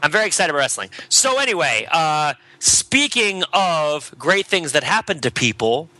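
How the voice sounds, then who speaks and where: Man, casual podcast chat, headset mic, rambling, laughs often, bright, dry. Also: fairly high pitch, very animated, moderate pace, no echo, poor audio. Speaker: podcast co-host. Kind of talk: casual discussion of literature.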